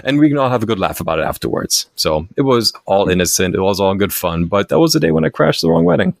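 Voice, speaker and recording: A man in his thirties, a guest author telling lively stories in an interview, laughing often and acting out what others said. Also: fairly low pitch, fast, creaky, no room sound, clean studio sound. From Germany. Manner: animated storyteller, laughs often, acts out quoted lines. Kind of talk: storytelling interview.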